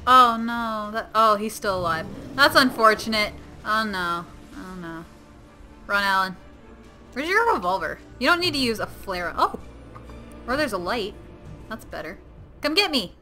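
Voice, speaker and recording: A woman giving casual let's-play commentary on a horror game, excitable and given to shrieking and swearing at the screen. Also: mid-range voice, a little slow, soft background music. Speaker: gamer playing a horror game.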